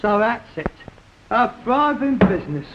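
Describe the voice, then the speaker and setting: A sarcastic, self-pitying son, grumbling about his lot. His voice sits high for a man. It sounds like a dull old radio recording with faint hiss. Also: sing-song, a little slow, gravelly, full character voice. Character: frustrated grown son stuck in a junk business. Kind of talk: 1960s radio sitcom acting.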